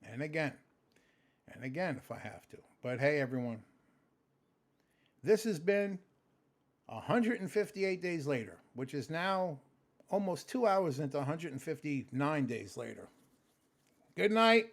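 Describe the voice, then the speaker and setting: A man talking casually in a late-night vlog, exhausted and sleepy, animated and rambling with plenty of swearing. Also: on the high side, unhurried, long pauses. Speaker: vlogger, customer service phone agent.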